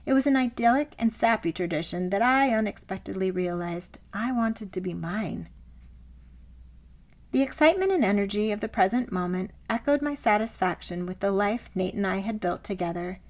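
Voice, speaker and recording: A woman author reading her own memoir aloud, in a measured, reflective style of scripted narration. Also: mid-range voice, animated.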